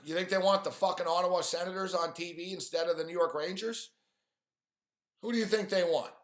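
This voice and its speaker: A man's voice: sits high, steady tone, fairly quick. A man ranting on a live stream about sports games and his bets, swearing often and sounding frustrated. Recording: echoey room.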